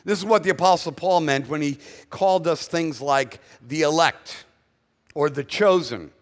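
Northern us guy preaching, kinda high voice, blunt and chatty, big echoey church room. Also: moderate pace. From northern United States. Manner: conversational and blunt, with casual asides. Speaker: pastor. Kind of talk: sermon. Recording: echoey hall reverb.

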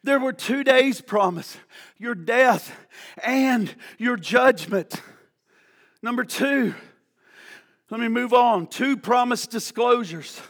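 A male pastor preaching a sermon, slow and drawn out, swinging from hushed tones to shouting, repeating key lines for emphasis. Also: extremely high pitch.

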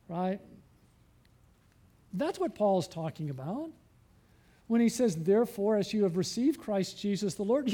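A man's voice: extremely high pitch, lively intonation, unhurried, warm tone. A man preaching a sermon as pastor, earnest and pleading, often asking his listeners questions and building to fervent appeals.

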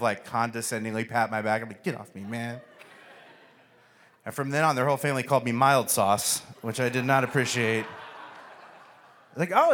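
A man preaching a sermon, telling a funny story with acted-out voices. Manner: storytelling, acts out voices with animated pitch jumps. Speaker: pastor.

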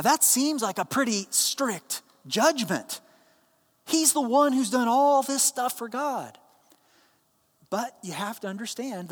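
A man giving a sermon as a pastor, telling a story in a plain, conversational way and dropping his voice low and soft when he voices the people in it. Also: in a large hall.

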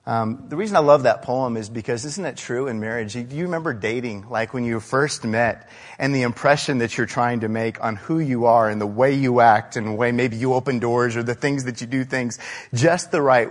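A man preaching a sermon in a large church hall, his voice trailing off in a long reverb. He talks casually and tells stories, asking the listeners questions as he goes. His pitch sits in the middle range for a man. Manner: conversational, storytelling, with frequent rhetorical questions. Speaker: pastor.

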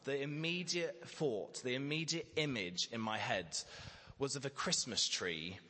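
A man gives a sermon, telling a personal story in a candid, self-deprecating way. His voice is bright and forward, with a long hall reverb around it. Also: mid-range voice, breathy edge. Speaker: preacher.

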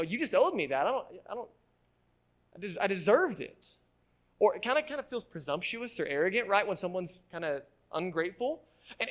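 Pastor, male, fairly high voice, casual sermon delivery with restarts and "right?" check-ins. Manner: keeps checking in with the congregation with "right?"; frequent word repeats and restarts. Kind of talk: conversational sermon.

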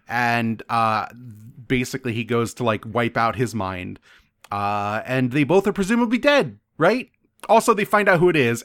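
A man co-hosting a podcast, casually recapping a book and quoting characters in quick paraphrase. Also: mid-range voice, a bit bright, dry recording, clean studio sound. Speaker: podcast co-host.

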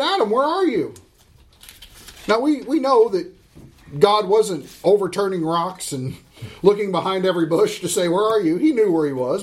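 High-voiced man teaching a Bible class. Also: a little mellow. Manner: emphatic, slows down to stress scripture, asks the class questions.

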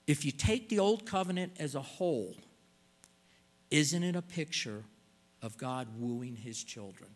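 Slow, earnest older male preacher. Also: a little high, expressive. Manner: earnest, pleading emphasis with drawn-out words. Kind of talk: sermon.

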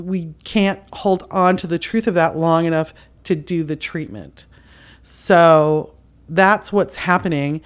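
A woman hosting a podcast, giving a spiritual commentary monologue in an impassioned, emphatic, casual way with frequent fillers. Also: on the low side. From outside the US. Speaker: podcast host.

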